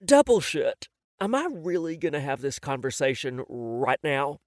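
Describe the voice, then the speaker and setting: A man's voice: on the high side, unhurried, darkish tone, no echo. A man narrating a novel in the first person, wry and self-mocking, on a close studio mic. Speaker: audiobook narrator.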